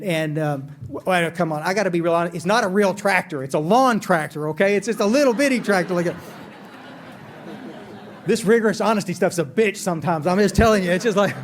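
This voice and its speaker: A middle-aged man, giving a candid, self-deprecating recovery talk to a conference audience. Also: sits high. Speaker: AA speaker. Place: conference hall.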